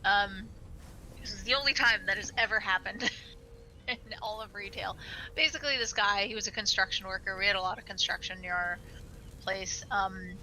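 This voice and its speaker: A young woman co-hosting a gaming video in casual chat, a lively storyteller who laughs often. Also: mid-range voice, moderate pace, slight background noise, poor audio. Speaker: gaming channel co-host. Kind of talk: casual chat while playing a game.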